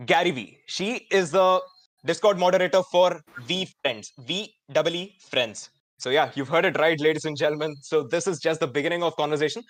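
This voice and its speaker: A man in his twenties with an Indian English accent, hosting a live online student event in an energetic, chatty way with many fillers. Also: fairly high pitch, a little fast, no room sound. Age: 20s. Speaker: host.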